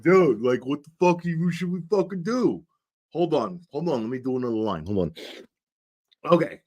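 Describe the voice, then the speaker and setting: Casting: a man putting on a loud, profane New York drunk man barking orders, higher than his own voice. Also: lively intonation, normal speed, muffled recording. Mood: bossy. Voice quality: crude, bossy, profane. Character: brash drunk male conspirator barking orders.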